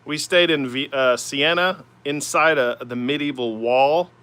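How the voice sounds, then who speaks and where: The woodturning host, a man in his forties from Oklahoma by his accent, chats unhurriedly with livestream viewers in a fairly high, sharp, smooth voice. He's at the lathe in his home woodworking shop, easygoing and rambling, leaning on "man" and "uh" as he answers comments.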